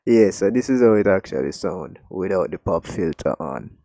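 A man's voice: deep voice, animated, moderate pace, warm tone. A man hosting a casual tech unboxing vlog, talking loosely and repeating "actually" and "like", recorded raw and unedited on a USB mic close to his mouth. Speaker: tech channel host. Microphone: USB desktop mic close to mouth. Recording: raw unedited mic audio, faint music.

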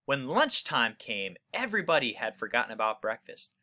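A man reading a children's book aloud, pausing to explain words to young listeners in a friendly way. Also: mid-range voice, big pitch swings, pushed and bright. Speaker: reader for children.

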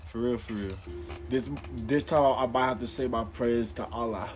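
A man's voice: medium pitch, fairly even intonation, normal speed, music in the background. A young man giving casual, profane commentary while playing a hard game, getting more and more frustrated. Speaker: gameplay streamer.

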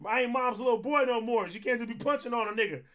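A young man from Compton, a streamer host telling a story in an animated, profane way and acting out what people said. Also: extremely high pitch, quick pace. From Compton, California. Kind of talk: casual storytelling on a livestream.

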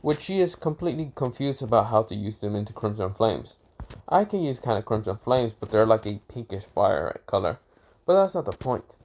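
A man's voice: fairly low pitch, big pitch swings, normal speed, a little mellow, slight background noise. A man casually narrating a fan story, rambling with many fillers and casual swearing.

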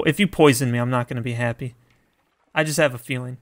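A man playing a video game, reading its text aloud and reacting with chatty, excitable asides as he thinks out loud. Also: medium pitch, fast. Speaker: let's play gamer.

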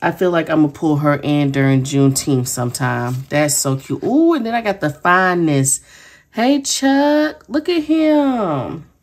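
A woman's voice: sits low, expressive, normal speed, hardly any pauses. A woman chatting casually to viewers while showing a sticker haul, giggly and gushing. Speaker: planner sticker vlogger. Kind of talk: casual chat.

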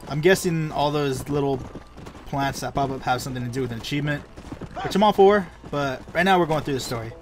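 A man's voice: on the high side, fast, background noise. Young man casually commentating a game. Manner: casual, joking asides. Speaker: gamer. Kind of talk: let's play commentary.

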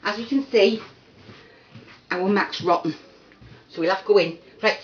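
A woman's voice: mid-range voice, expressive, normal speed, long pauses, noisy background. A woman talking casually in a home vlog, chatting and cooing in a sing-song way to her dog at a sink. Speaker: vlogger. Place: indoors at a sink, small room. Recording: echoey room, voice far from the mic, dull sound. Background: running water and splashing.

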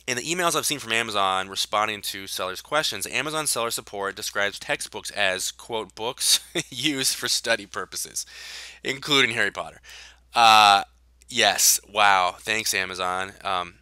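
A man's voice: on the low side, sharp tone, no echo. Male solo explainer; punchy, emphatic delivery, dry close recording. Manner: emphatic, sarcastic asides, repeats key points. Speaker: online seller educator.

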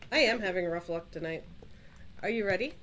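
A woman co-playing a ghost-hunting game on a stream, animated and swearing when startled. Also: lowish voice, fairly quick, a little hiss or hum. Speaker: co-player on a stream. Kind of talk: casual gameplay chat.

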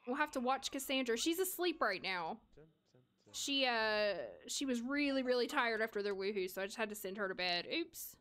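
A woman's voice: sits high, fairly bright tone. A young woman live-streaming a game, chatting casually to her viewers and her characters and laughing often. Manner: chatty and giggly, talks to chat and to her characters. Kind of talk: casual live-stream chat over gameplay.

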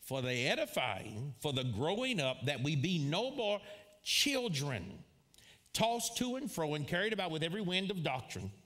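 A man preaching a sermon to a live congregation, telling a personal story with frequent laughter and lively asides. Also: a little high, normal speed. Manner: animated storyteller, laughs often, calls out to congregation. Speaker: pastor. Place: church before a live congregation.

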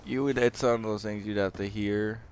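A man's voice: lowish voice, steady tone, fairly quick, a little mellow, slight background noise. A young man giving casual, rambling gameplay commentary, full of hesitant fillers.

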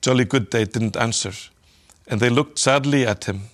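A man narrating a children's storybook aloud in a calm, measured way. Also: medium pitch.

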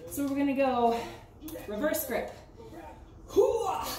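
High-voiced woman coaching a home workout. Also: animated, slow, a crowd in the background. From United States. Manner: upbeat, counting reps aloud while exercising. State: out of breath. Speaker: fitness instructor. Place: home room with ceiling fan. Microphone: camera some distance away. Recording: roomy, distant from the mic, with music. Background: background music.

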